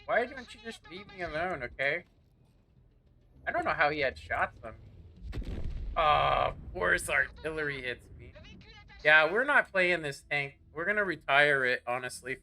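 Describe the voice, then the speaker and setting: A man's voice: fairly high pitch, sharp tone. A man giving rambling, self-deprecating commentary while playing a game. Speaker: gaming streamer. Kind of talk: casual gameplay commentary.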